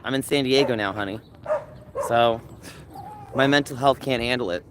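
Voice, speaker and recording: A man's voice: medium pitch, normal speed. Rambling man streaming from a dog park. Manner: rambling, reads chat aloud, talks to dogs. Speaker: live streamer. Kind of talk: casual live stream chat. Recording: faint outdoor noise, dogs barking. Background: dogs and faint outdoor ambience.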